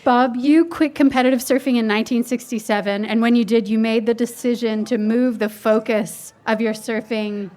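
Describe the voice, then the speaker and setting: A woman's voice: on the high side, fairly even intonation, moderate pace, few pauses, darkish tone. A woman hosting an interview, asking thoughtful questions outside a surfboard factory. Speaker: podcast host.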